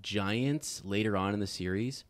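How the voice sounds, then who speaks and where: A man's voice: lowish voice, measured pace, no room sound. A man co-hosting a podcast, chatting casually about a book and rambling with many fillers and restarts. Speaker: podcast co-host.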